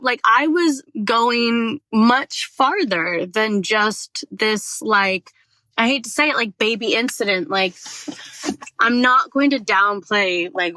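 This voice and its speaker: A woman hosting a podcast, telling a personal story in a rambling, expressive way, cursing freely and correcting herself as she goes. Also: mid-range voice, no echo. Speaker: podcast host. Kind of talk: casual storytelling monologue.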